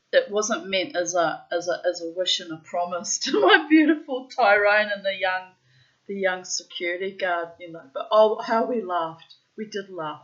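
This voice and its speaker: A woman in her late fifties telling a story in a rambling casual monologue, cheeky and self-mocking, laughing often and breaking into squealing high exclamations. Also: moderate pace, fairly bright tone, lo-fi sound. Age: 50s. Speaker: vlogger.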